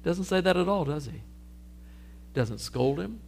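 A man preaching a sermon, telling a parable with lively storytelling and acting out the characters' lines. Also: high voice, a little slow, vocal fry. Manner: animated storytelling, acting out sheep and Jesus. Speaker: pastor.

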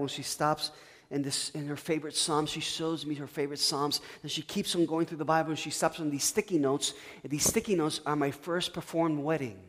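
A man preaching a sermon as pastor, telling a story and swinging between loud bursts and hushed asides. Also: fairly high pitch. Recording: long reverb of a church hall.

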